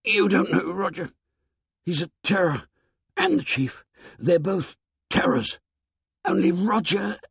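A man voicing frightened boy twins who plead in hurried, lowered voices, in a storybook reading. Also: very animated, darkish tone, slightly rough, no echo, clean studio sound. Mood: urgent, fearful.

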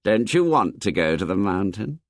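Man voicing a sneering proud boy leader, tight clipped delivery, higher pitch, dry sound. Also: big pitch swings, moderate pace, a bit bright, no room sound. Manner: hot, clipped, challenging.

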